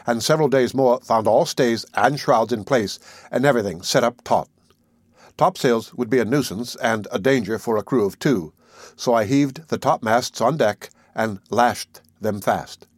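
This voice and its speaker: A man narrates a novel in the first person with a measured, dramatic delivery. His voice sits at a middle pitch. The recording is close and dry, with no room echo. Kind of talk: audiobook narration.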